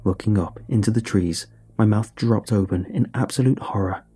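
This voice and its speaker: A man narrating a first-person horror story in a steady, dramatic storytelling delivery. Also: fairly low pitch, normal speed, slightly rough, soft background music.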